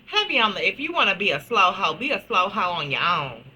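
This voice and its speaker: A woman hosting a reaction video, making casual comments in a slow, expressive, laughing way. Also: medium pitch, slight background noise. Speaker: reaction channel host.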